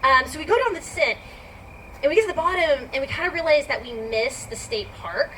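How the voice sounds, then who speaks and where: A woman's voice: high-pitched, lively intonation, a little fast, bright, forceful tone. A woman telling a personal story to a live audience in a chatty, filler-heavy way. She laughs often and acts out her own reactions. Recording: distant mic with background noise.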